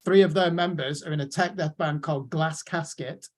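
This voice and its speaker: A chatty, amused man with a northern English accent runs through new releases while co-hosting. His voice sits a touch higher than most men's. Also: brisk. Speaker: co-host. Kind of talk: casual chat, listing releases.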